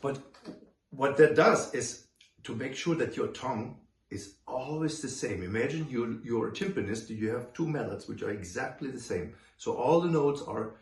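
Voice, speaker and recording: Male trumpet professor, mid-pitched, scats rhythms mid-lesson; roomy echo. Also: lively intonation, moderate pace. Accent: German. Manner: sings rhythms in syllables while explaining. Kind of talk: demonstrating instruction to students. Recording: roomy echoey room.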